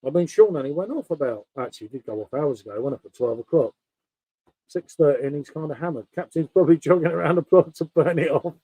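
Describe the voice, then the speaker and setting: Rambling bloke, mellow voice. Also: male voice, on the high side, fast, breathy edge, dry recording, poor audio. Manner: rambling, matey, talks to viewers. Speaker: live stream host. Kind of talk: casual chat, beer tasting stream.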